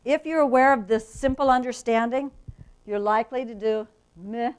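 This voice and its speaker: A woman who teaches reading methods at a university, giving a lively professional development lecture to teachers and often checking in with the audience. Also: a little high, normal speed, clear, resonant tone, low-quality recording. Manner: enthusiastic, asks the audience questions, frequent "right?". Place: conference room.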